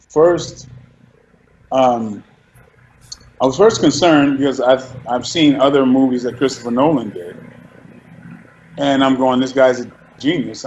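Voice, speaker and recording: A man being interviewed, telling animated stories about his work and often restarting his sentences. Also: medium pitch, lo-fi sound. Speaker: actor interviewed as guest. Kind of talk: casual interview storytelling.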